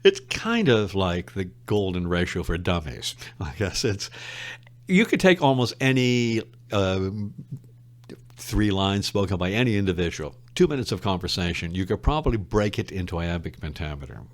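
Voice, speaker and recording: A man's voice: low voice, sing-song, moderate pace, no room sound. A man, an English literature professor speaking as a guest on a casual podcast interview, thoughtful and wry, wandering into side stories. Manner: thoughtful, wry, digressive explainer.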